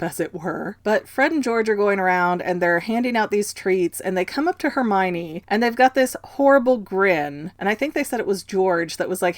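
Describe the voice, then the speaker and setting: A woman's voice: mid-range voice, dry recording. Woman host, casual book-recap chatter, opinionated, dry close-mic sound. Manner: chatty, opinionated, plays the characters in quick quotes.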